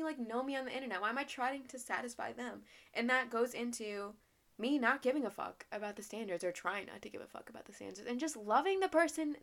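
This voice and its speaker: A woman's voice: mid-range voice, fairly bright tone. A young woman hosting a solo podcast, ranting emphatically with lots of swearing. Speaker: podcast host.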